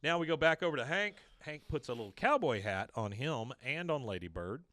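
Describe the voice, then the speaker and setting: Animated man recapping a show. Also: medium pitch, a little fast, no echo. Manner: animated storytelling, acting out quotes. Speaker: podcast host. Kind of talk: casual episode recap.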